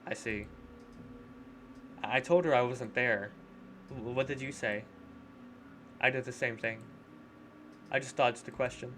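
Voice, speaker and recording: A man reading a visual novel aloud in a plain, measured way, voicing a cautious teenage boy and his narration. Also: medium pitch, a bit bright, slight background noise, natural voice. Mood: wary.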